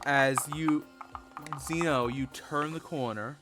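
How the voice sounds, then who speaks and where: A man narrating a tabletop game as game master in a casual, halting way. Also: medium pitch, over music.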